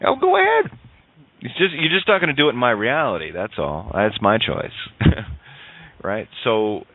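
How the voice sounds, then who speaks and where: A man in casual spiritual chat on a radio show, animated and joking, with frequent swearing. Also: fairly low pitch, normal speed, no echo. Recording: dry tinny phone line.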